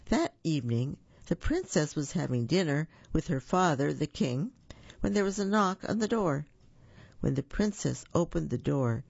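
Man reading children's stories, gravelly, husky, dry dull recording. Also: a little high, a little mellow, dry recording. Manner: friendly, corrects his slips aloud. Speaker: storyteller. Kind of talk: reading storybooks aloud for children.

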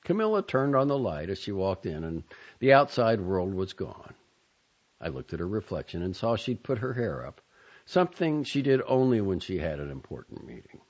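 A man narrating an audiobook in a measured, introspective, softly expressive manner. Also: sits low, highs cut off.

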